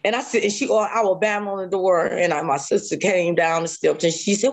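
In a lowish, steady voice and at a brisk clip, a woman guest describes a harrowing personal ordeal during an interview. She repeats phrases and adds sound effects, her voice rising and falling sharply with emotion, and she's sometimes nearly in tears.

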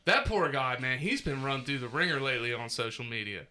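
A man's voice: medium pitch, lively intonation, brisk, pushed and bright. A man hosting a casual podcast, working through a list in an easygoing way and laughing often. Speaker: podcast host. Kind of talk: casual chat.

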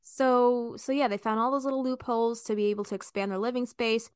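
Female co-host, slightly high, chatty reader, dry mic. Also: steady tone, fairly quick, clear, resonant tone, dry recording. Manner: chatty, giggly, reads with playful asides. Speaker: podcast co-host. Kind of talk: casual chat, reading notes aloud.

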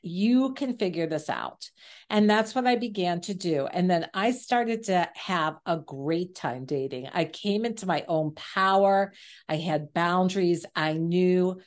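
A woman's voice: fairly low pitch, measured pace. A middle-aged woman, a guest dating coach on a podcast interview, telling her own story in an earnest, open way.

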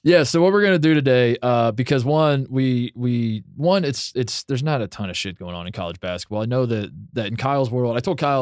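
A man's voice: mid-range voice, lively intonation, a little fast, hardly any pauses, darkish tone, clear, resonant tone, no echo, clean studio sound. A man hosting a podcast in casual chat, rambling with many restarts and casual swearing. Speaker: podcast host.

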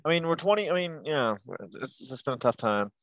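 A man's voice: on the high side, animated, fairly quick, a bit bright, no room sound. A man co-hosting a casual sports podcast, hesitant and full of fillers, who jokes along. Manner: hesitant, filler-heavy, joking. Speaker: podcast co-host.

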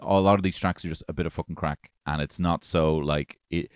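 Irish male podcast host, low voice, dry close sound, crude rambling jokes. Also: fairly even intonation, a little fast, smooth, no room sound. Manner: irreverent, profane, rambling jokey asides. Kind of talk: casual podcast chat.

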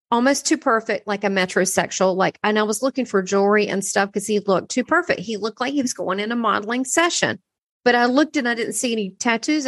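A woman in a casual spiritual conversation, telling a personal story with lively, swooping delivery. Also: dry recording. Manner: animated storytelling, swooping pitch.

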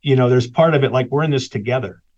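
A man's voice: medium pitch, fast, a little mellow, highs cut off. A man, a guest author, animatedly telling a personal story in conversation, laughing between lines.

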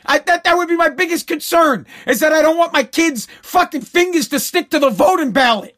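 A middle-aged man with a strikingly high voice tears into his subject as a talk host. He is blunt and profane. He repeats short phrases to drive each point home. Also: a little fast, a bit bright. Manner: blunt, repetitive, profane ranting. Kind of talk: profane political rant.

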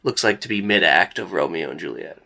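A man's voice: low-pitched, lively intonation, a little fast, gravelly, sharp tone. A man narrating as game master of a tabletop game, describing scenes in a loose, filler-heavy way.

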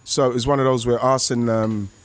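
A former footballer, telling a rambling, excitable anecdote over a remote call. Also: male voice, medium pitch, fairly quick. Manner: rambling, excitable, many restarts and fillers. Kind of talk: casual anecdote on a podcast.

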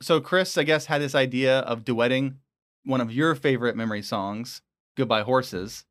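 A man co-hosting a casual podcast, talking in a relaxed, laid-back way. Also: medium pitch, moderate pace, faint music behind. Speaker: podcast co-host. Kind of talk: casual chat.

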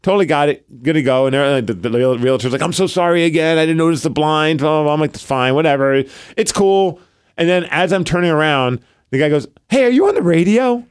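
A middle-aged man co-hosting a podcast shares a story in easygoing chat, animatedly voicing the people he quotes. He speaks fast, with a slightly high, smooth voice.

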